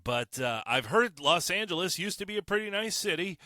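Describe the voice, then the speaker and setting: Brash male podcast host, bright and lively, close dry mic. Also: sits high, brisk, no echo. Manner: blunt, profane, sarcastic, heated. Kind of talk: solo opinion podcast rant.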